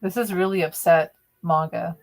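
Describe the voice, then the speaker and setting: A woman with a lowish voice reads tarot cards on a live stream. She talks in a loose, opinionated, chatty way and often restarts mid-sentence. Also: steady tone, moderate pace. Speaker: tarot reader.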